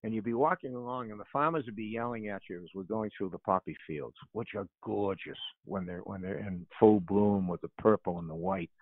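A man's voice: fairly low pitch, fairly quick, hardly any pauses, no room sound. Older man telling stories over a phone line. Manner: animated, laughs while telling anecdotes, repeats words. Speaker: author and guest. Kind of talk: conversational storytelling on a radio show.

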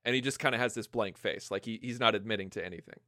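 A man co-hosting a podcast, chatting casually and brainstorming ideas out loud. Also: on the low side, very fast, dry recording, clean studio sound. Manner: brainstorming, acts out scenes in quoted voices. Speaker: podcast co-host. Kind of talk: casual fan chat.

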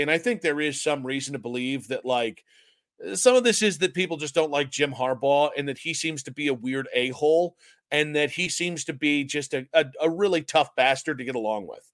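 A man's voice: on the high side, expressive, fairly quick, fairly bright tone, dry recording, studio quality. A man co-hosting a casual sports podcast, telling rambling, self-mocking stories and breaking into giggles. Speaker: podcast co-host.

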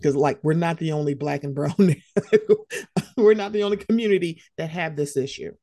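Woman, podcast co-host, casual talk, animated, dry close sound. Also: moderate pace, no room sound. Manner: animated, acts out quoted reactions with big pitch jumps. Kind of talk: casual conversation.

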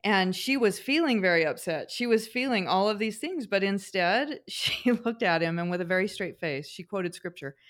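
A middle-aged woman, a guest on a talk show, telling personal anecdotes in an expressive, animated way. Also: mid-range voice, normal speed, few pauses. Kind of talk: conversational storytelling.

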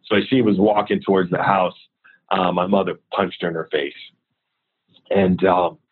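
Husky man on a tinny line. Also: low voice. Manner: candid, steady recounting of hard memories. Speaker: interview guest. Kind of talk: personal storytelling in an interview.

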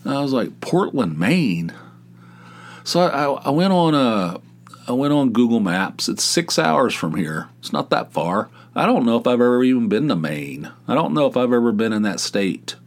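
A man's voice: mid-range voice, big pitch swings, moderate pace. A man hosting a solo podcast, talking in a rambling, wry and exasperated casual way. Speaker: podcast host.

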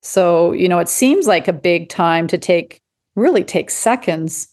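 Animated woman, physician, telling stories. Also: on the low side, a little slow. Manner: animated storyteller, acts out quotes, laughs often. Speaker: physician guest. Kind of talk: casual conversation.

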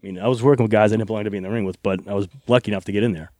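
A man's voice: on the low side, steady tone, rapid-fire, darkish tone, no echo, clean studio sound. A middle-aged man, a former wrestler, rambling through anecdotes in a casual interview with frequent laughs and swearing.

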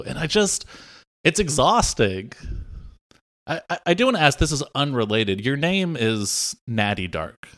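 A man's voice: mid-range voice, sing-song, normal speed, a bit bright, dry recording, studio quality. A man co-hosting as producer on a comedy podcast, rambling through sarcastic jokes. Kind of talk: joking podcast banter.

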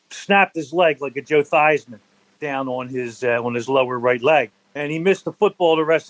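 An older man, a former football center, telling stories from his playing days in a relaxed interview, laughing now and then. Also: a little high, no echo, rough recording. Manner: animated anecdotal storyteller, laughs between stories. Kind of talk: storytelling in a conversational interview.

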